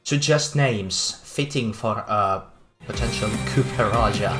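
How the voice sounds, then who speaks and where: A game streamer with a Finnish accent, casually chatting with viewers, excitable and laughing often. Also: medium pitch, unhurried, loud music behind the voice. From Finland. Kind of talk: casual livestream game commentary.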